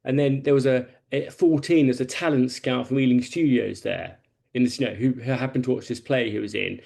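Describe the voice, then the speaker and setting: A man's voice: medium pitch, fairly even intonation, a little fast, gravelly, a little mellow. A man on a podcast panel, telling a long film anecdote in a rambling, casual way.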